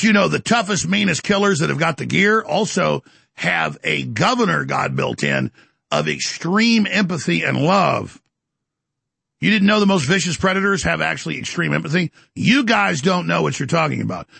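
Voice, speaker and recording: The talk show host, a man, tears through a boastful political monologue in a high, wide-ranging voice, heavily gravelly and husky with a sharp, forceful bite. He's very animated, slipping into mocking voices at a moderate pace. The recording is dry.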